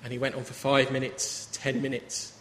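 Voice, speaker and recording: A man's voice: mid-range voice, monotone, moderate pace, a bit bright, slight background noise. A man in his thirties preaching a sermon in a chatty, story-telling way. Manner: conversational, anecdotal preaching. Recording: reverberant hall with faint ambience.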